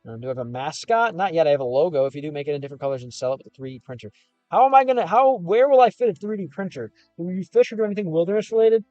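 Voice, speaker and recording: A man's voice: a little high, animated, very fast, darkish tone, dry recording, lo-fi sound, soft background music. A young man from Chicago streaming from his car, chatting casually with viewers and reading their comments in a loose, rambling way with lots of fillers. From Chicago, United States. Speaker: gaming and language streamer.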